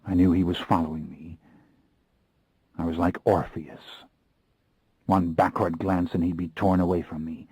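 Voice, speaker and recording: A man's voice: deep voice, a little mellow, dry recording, poor audio. A man narrating an audiobook in the first person, with an intense, brooding reading into a close studio mic.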